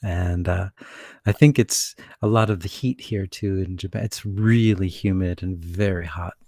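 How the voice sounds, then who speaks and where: A man's voice: low voice, a little slow, warm tone, dry recording, clean studio sound. A man who works as a channeler chats casually on his vlog, rambling, chuckling and breaking off his own sentences. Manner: rambling, chuckling, self-interrupting.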